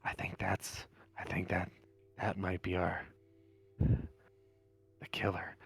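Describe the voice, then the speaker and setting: A man's voice: low voice, monotone, slow pace, gravelly, slightly rough, pitched below the performer's own voice, heavily acted. Man putting on a jittery paranoid drunk hermit. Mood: paranoid hushed. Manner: fearful hushed mumbling.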